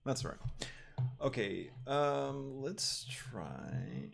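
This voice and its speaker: A man livestreaming his 3D work, casually thinking aloud and pausing with ums as he goes. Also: medium pitch, big pitch swings, gravelly, husky, soft background music. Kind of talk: casual livestream talk while working.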